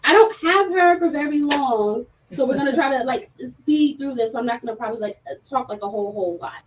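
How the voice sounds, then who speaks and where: A chatty woman hosts a casual livestream in a fairly high voice, laughing often and leaning on fillers. She is a little far from the mic, with faint room noise behind her. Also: fairly quick. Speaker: livestream host.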